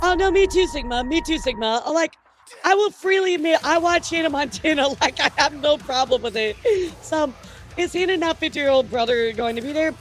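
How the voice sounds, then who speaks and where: A woman streamer chatting casually through the news with her viewers, rambling and excitable, often stammering and swearing. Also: sits high, fairly quick.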